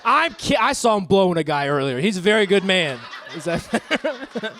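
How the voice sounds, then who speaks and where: A man in his thirties doing live stand-up comedy on a club stage, crude and self-mocking, with quick asides to the crowd. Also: high-pitched, sing-song, fairly bright tone. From American Midwest.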